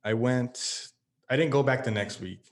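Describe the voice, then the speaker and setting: A man's voice: mid-range voice, normal speed. A man from El Paso with a Texas accent, a comedian and podcast guest telling stories in a laid-back, casual way, swearing freely. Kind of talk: casual chat.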